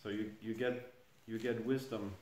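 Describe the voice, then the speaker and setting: A man's voice: lowish voice, steady tone, normal speed, a little mellow, slight background noise. A middle-aged man giving an informal scripture class in a temple hall, speaking hesitantly and chuckling at his own jokes. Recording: echoey room.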